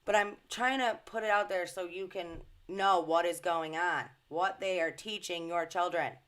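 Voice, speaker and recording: A woman's voice: fairly low pitch, fairly even intonation, normal speed, a bit bright. A woman giving an indignant, emphatic commentary to her followers, swearing freely. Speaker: social media commentator. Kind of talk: casual ranting commentary.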